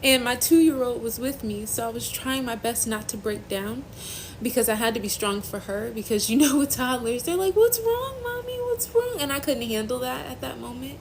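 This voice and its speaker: A young woman hosting a faith-based phone live stream, giving an emotional personal testimony in a halting, earnest way, near tears. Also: fairly high pitch, steady tone, slight background noise, low-quality recording. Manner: halting, earnest, trailing off and restarting.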